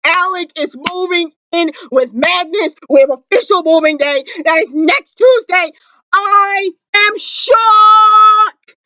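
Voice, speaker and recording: A woman reviewing a TV episode in a loud, shrieking, overexcited way. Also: very high voice, lively intonation, moderate pace, hardly any pauses, no room sound, dull audio. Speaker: TV reaction vlogger. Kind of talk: excited reaction review.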